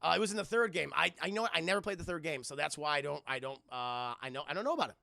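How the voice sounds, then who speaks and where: A young man streaming a casual, profane, animated film recap to his chat. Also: fairly high pitch, racing, gravelly, dry recording, clean studio sound. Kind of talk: casual live-stream commentary.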